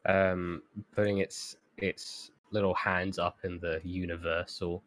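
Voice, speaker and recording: A man running a tabletop game as game master, narrating with many halting fillers. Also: low voice, level tone, fairly bright tone, dry recording.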